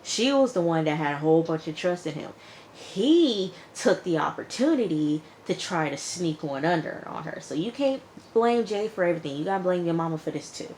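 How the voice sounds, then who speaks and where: Low-voiced woman recapping a TV episode. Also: lively intonation, normal speed, darkish tone, a little hiss or hum. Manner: chatty retelling, quotes characters with "he was like"; frank asides to the viewer. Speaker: TV show reviewer.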